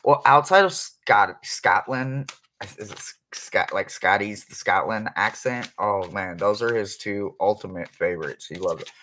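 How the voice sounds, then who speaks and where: A psychic reader giving a casual, rambling live reading for viewers, chatty and quick to laugh, with informal slang. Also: sits low, fairly bright tone, slight background noise.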